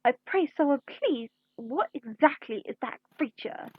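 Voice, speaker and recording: A woman's voice: high voice, animated, measured pace, phone-quality sound. A woman reading aloud, voicing an imperious, scolding queen in a formal tone. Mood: suspicious. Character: imperious indignant royal queen, adult woman.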